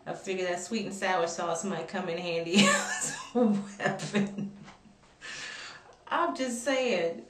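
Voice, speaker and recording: Animated storytelling woman, roomy sound. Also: fairly low pitch, slow, long pauses, a little hiss or hum. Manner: animated, profane, laughing asides. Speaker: vlogger. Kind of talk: storytelling to camera. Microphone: camera mic. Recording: roomy, from camera distance.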